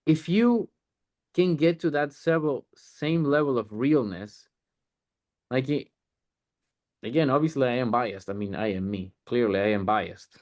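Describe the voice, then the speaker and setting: A man's voice: medium pitch, expressive, measured pace, long pauses, darkish tone. Blunt, profane male sales coach. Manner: blunt, swears freely, acts out mock sales lines. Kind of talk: group coaching call.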